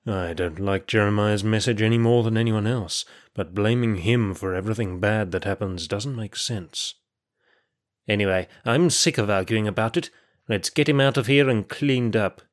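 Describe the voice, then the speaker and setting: Brief: male narrator doing a soft-spoken, level-headed guard; low and hushed. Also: moderate pace, natural voice. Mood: calm. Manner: soft, placating. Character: calm, sympathetic male prison guard.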